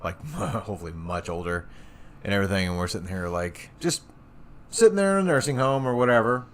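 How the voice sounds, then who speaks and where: A man's voice: on the low side, expressive, brisk. A man co-hosting a podcast, rambling and musing in casual chat. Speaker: podcast co-host.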